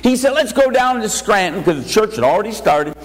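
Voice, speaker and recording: An older man preaching an anniversary sermon, emphatic, slowing and rising for key lines. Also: sits high, lively intonation, big-room sound, poor audio. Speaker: pastor.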